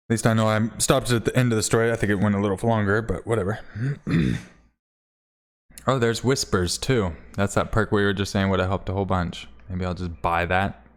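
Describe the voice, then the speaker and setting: A man chatting casually on a livestream while he plays, rambling, swearing now and then and thanking viewers. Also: on the low side. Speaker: game streamer.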